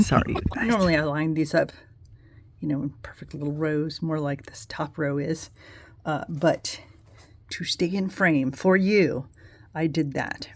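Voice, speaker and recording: A woman's voice: low-pitched, normal speed, background noise. A woman hosting a casual nail polish tutorial, chatty and rambling, with self-deprecating asides as she demonstrates.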